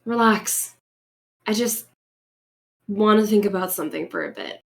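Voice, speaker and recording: A woman playing a young woman unsure of who she is, who speaks slowly and pauses often. Her voice sits at a middle height and has an even, plain sound. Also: medium pitch, vocal fry. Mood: offhand. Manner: hesitant, with pauses.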